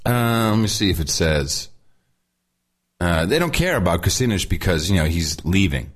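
Man, jokey podcast co-host, husky voice, pitch swings a lot, laughs often. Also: sing-song, normal speed. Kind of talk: casual political chat.

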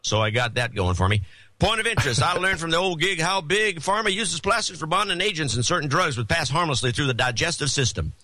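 Guy doing a twangy southern race announcer, big booming delivery, bright voice. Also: lively intonation, fast, no room sound, clean studio sound. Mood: announcing. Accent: put-on American Southern.

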